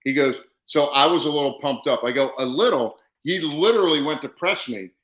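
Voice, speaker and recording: A man, a professional wrestler, casually telling animated stories and acting out quoted dialogue. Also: on the high side, a little fast, echoey room, rough recording. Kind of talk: casual storytelling.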